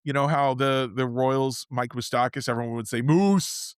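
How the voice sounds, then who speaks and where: A man co-hosting a casual podcast, his voice sitting at an ordinary middle pitch. He rambles happily and keeps restarting his sentences as he gets excited. The close microphone sounds dry, with no room echo at all. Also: brisk, clear, resonant tone. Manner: rambling, self-interrupting, excitable. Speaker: podcast co-host. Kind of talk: casual chat.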